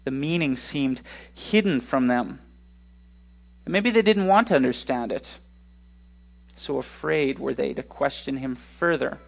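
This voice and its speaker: A male pastor preaching a sermon in an expressive way, slowing down and speeding up for emphasis. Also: medium pitch, gravelly. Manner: expressive, shifting pace for emphasis.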